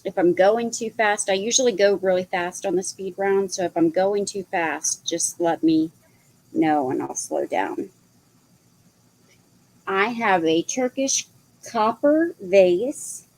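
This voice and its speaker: A woman's voice: mid-range voice, slow pace, darkish tone, low-quality recording. A woman co-hosting a live online sale, describing items plainly and giving their prices.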